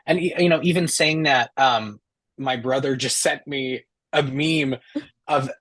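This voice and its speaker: A man's voice: medium pitch, unhurried, fairly bright tone. A man co-hosting a casual fan podcast, talking enthusiastically with many fillers and restarts. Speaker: podcast co-host.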